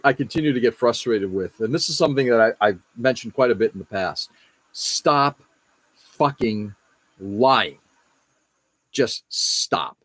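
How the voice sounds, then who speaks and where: A man's voice: medium pitch, a bit bright, no room sound. A man from the United States hosting a live show, venting in a frustrated, blunt and profane way, often restarting his sentences. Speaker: podcast host. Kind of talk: casual political rant on a live show.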